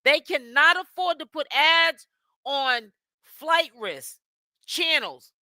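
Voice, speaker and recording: A woman's voice: sits high, expressive, takes it slowly, bright, forceful tone, dry recording. A woman hosting gossip commentary, talking bluntly and critically as she explains and picks apart what others said. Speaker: commentary channel host.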